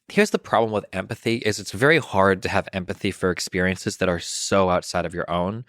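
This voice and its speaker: A man in his thirties talking as a podcast guest in casual conversation, quick and rambling, with many restarts and fillers. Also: deep voice, a bit bright, dry recording, clean studio sound. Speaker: podcast guest, political commentator.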